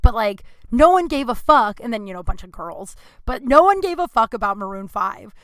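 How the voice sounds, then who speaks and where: A woman podcast host with a bright, crisp voice, swearing freely as she tells stories in a blunt, lively rant. The sound is dry and close, with almost no room echo. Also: fairly high pitch, brisk. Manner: profane, animated, blunt. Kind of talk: casual storytelling monologue. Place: indoor room.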